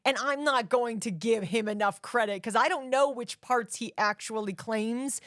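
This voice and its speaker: A woman's voice: fairly high pitch, normal speed, fairly bright tone, no room sound, clean studio sound. A young adult woman co-hosting a podcast, chatting bluntly and opinionatedly about a movie and swearing casually. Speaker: podcast co-host. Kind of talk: casual movie review chat.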